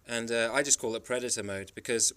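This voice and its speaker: A man from the Isle of Man talks in a rambling, emphatic way, circling back and restarting as he tells his stories. His voice sits at an ordinary middle pitch with a smooth, resonant tone. He speaks like a casual vlogger addressing his viewers. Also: steady tone, fast, pushed and bright. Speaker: travel vlogger. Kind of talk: casual monologue.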